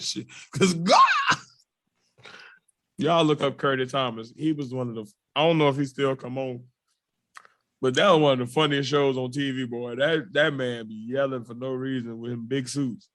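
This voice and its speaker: Man, tired, podcast co-host, joking, profane, dry close sound, mid pitch. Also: steady tone, normal speed, fairly bright tone, no echo. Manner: loose, joking, laughs often, swears freely. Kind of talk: casual chat.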